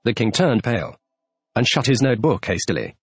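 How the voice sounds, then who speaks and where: Expressive man reading a storybook. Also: mid-range voice, brisk, slightly rough, no room sound. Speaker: audiobook narrator. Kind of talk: scripted narration. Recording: dry close mic, faint music behind.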